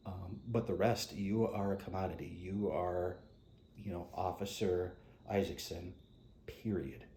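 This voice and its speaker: A middle-aged man, a retired police officer, frankly recounting his experiences in an interview with halting restarts. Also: deep voice, fairly even intonation. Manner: halting, frank, drops soft quoted asides. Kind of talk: interview storytelling. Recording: echoey room with faint noise.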